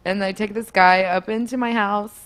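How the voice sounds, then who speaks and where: Young woman, casual storytelling, animated, laughs a lot, mid pitch. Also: moderate pace, smooth. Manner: animated, laughing, acts out quotes in a higher voice.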